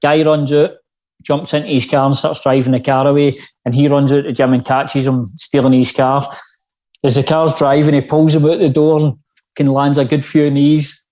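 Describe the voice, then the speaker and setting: A man's voice: a little high, a little mellow, muffled recording. A man with a Scottish accent hosting a podcast, chatting casually and laughing along with his guest. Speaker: podcast host.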